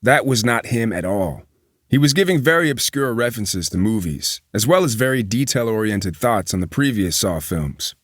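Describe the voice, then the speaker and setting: A man reading a magazine profile aloud as a news reader, at a measured, even pace. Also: fairly low pitch, no echo, studio quality.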